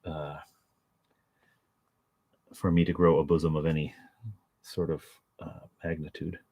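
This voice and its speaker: A man's voice: very deep voice, little pitch movement, a little slow, warm tone. A man hosting a casual painting session at home, rambling and self-mocking with jokey asides. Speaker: miniature painter and channel host. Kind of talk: casual chat while painting.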